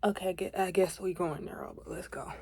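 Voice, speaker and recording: A woman's voice: lowish voice, steady tone, a little fast, a little mellow, husky. A woman of twenty in a casual confiding vlog, rambling and chatty, with asides, self-corrections and dips into a whisper. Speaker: faith vlogger.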